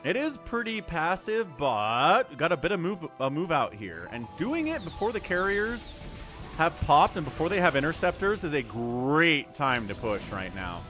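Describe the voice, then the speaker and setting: A man commentating a strategy game live on his stream, chatty and excitable, thanking viewers between plays. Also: a little high, moderate pace, soft background music. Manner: animated, chatty, thanks viewers mid-play.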